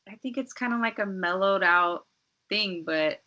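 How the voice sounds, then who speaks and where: A woman from Los Angeles, a DJ, chatting casually as a podcast guest in a relaxed, rambling way full of "like" and "um.". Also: medium pitch, unhurried, muffled recording. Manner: relaxed, rambling, heavy use of "like" and "um".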